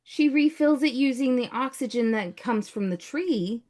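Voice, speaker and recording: A woman's voice: fairly high pitch, animated, moderate pace, darkish tone. A woman on a panel in a casual chat, teasing and playful.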